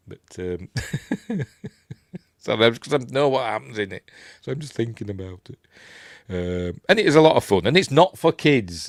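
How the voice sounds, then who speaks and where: Sitting on the low side, this older host's Yorkshire accent carries his casual film talk on a live stream. Studio-clean with no room sound, it's full of meandering ums and jokes at his own expense.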